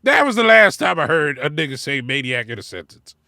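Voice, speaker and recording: A man giving casual, animated reaction commentary from inside his car, laughing and swearing as he critiques. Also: on the high side, a little fast, gravelly, no room sound, studio quality. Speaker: music reaction vlogger.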